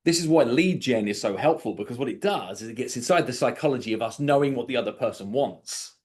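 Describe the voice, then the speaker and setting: Animated male coach on a video call. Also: mid-range voice, fast. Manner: animated, acts out sample dialogues. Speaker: sales coach.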